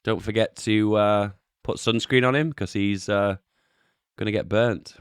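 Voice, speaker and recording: A young man, a YouTube host giving relaxed, chuckling commentary on memes and swearing offhandedly. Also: fairly low pitch, a little slow, smooth, no echo, studio quality. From England. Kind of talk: casual commentary.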